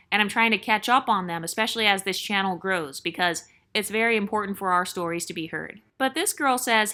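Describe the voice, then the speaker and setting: A woman's voice: medium pitch, pushed and bright. A woman hosting her channel, reading a viewer's story aloud in a chatty way and breaking in with joking asides.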